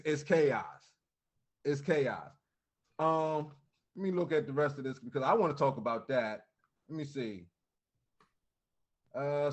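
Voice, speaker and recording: A man co-hosting a casual wrestling podcast, his voice sitting a little higher than most men's. He tells the night's events in an animated, chatty way and slips into quoted voices for the wrestlers. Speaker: podcast co-host recapping wrestling. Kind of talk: casual chat.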